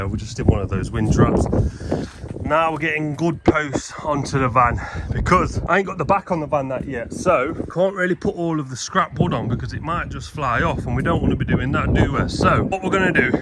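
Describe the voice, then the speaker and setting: A man gives an easygoing, matter-of-fact running commentary while working outdoors, talking straight to his viewers. His voice sits at an ordinary middle pitch. The handheld recording carries clear wind noise blowing across the mic. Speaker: fencing tradesman vlogger. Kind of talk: casual vlog commentary. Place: outdoors at work sites and a yard, windy.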